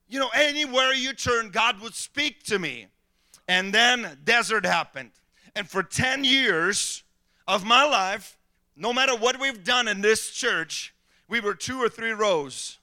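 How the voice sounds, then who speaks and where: High, bright-voiced pastor preaching. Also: male voice. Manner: animated storytelling, acting out quotes. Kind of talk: sermon.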